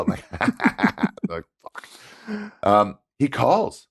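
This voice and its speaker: A man telling a story in casual chat, animated and laughing often as he talks. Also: lowish voice, measured pace, pauses often, no echo, studio quality. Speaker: guest comedian.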